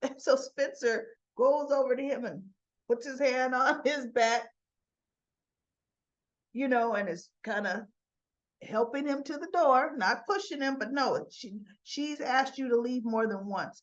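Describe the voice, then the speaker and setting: A woman's voice: high voice, unhurried, dull audio. A woman giving a casual, chatty recap of soap opera scenes, slipping in asides and quoted dialogue.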